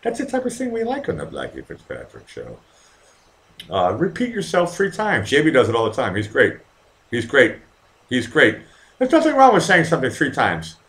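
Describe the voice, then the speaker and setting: A man's voice: a little high, huge pitch swings, fairly quick. A man hosting his own live online show, chatting casually to his viewers, rambling and swearing a lot while drinking. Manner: rambling, profane, talks to the chat. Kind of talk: casual live-stream chat.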